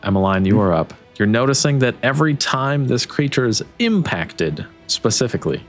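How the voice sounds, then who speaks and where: A man running a tabletop game as game master, casual, apologetic and quick to chuckle. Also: mid-range voice, big pitch swings, soft background music.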